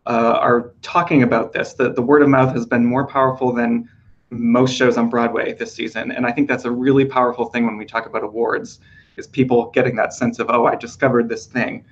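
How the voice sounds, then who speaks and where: Hoarse man chatting on a lo-fi recording. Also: mid-range voice, little pitch movement, a little fast. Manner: chatty, loose, with filler ums. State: losing his voice, hoarse. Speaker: podcast host. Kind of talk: casual award predictions chat.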